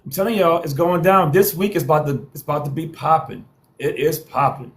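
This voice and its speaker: A man's voice: a little high, fairly quick. Hyped man hosting a live stream. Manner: repetitive hype calls, playful trash talk. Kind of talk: TikTok live hosting, hyping viewers.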